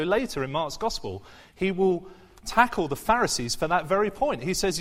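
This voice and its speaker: A man's voice: a little high, very animated, moderate pace, a bit bright. A man preaching a sermon in an earnest, conversational way, with frequent fillers and restarts. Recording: long hall reverb.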